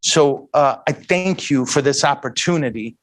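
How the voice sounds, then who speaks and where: A priest giving a heartfelt talk to an audience, earnest and emotional, with self-mocking humor. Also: male voice, mid-range voice, moderate pace. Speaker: priest and guest speaker. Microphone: handheld mic.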